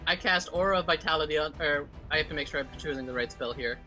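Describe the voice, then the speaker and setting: A man's voice: a little high, fast, bright, forceful tone, soft background music. A man playing a tabletop role-playing game in casual chat, eagerly explaining his character's spell and reading rules aloud. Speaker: player.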